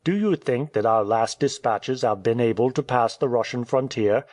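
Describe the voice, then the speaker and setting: A man's voice: medium pitch, moderate pace, a little mellow, dry recording, studio quality, lightly acted. A man reading an audiobook, voicing a wounded, stubborn male English journalist in a terse, reserved way.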